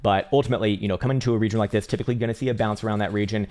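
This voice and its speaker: Casting note: young male crypto streamer, lower-pitched voice, loose and profane, quick to laugh. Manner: profane, animated, laughs often. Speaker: crypto trading livestream host. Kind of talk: casual live market analysis.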